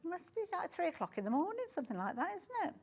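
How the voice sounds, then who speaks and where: A woman's voice: extremely high pitch, sing-song, rapid-fire. A woman with a Birmingham accent presenting on a live shopping channel, chatty and gushing, often breaking off mid-sentence. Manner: chatty, gushing, self-interrupting. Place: TV studio.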